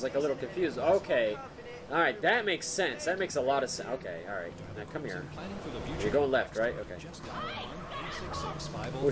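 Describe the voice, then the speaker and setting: A young man streaming video games in a casual way, goofy and self-mocking, jumping between high squeaks and low mumbles. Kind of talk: casual gaming commentary.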